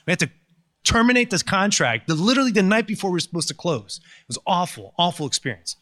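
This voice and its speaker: A man's voice: high-pitched, fast talker. A man giving a conversational, sarcastic lecture, telling stories with lots of energy. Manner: conversational, sarcastic, animated storytelling. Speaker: Catholic lecturer. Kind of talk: recorded lecture.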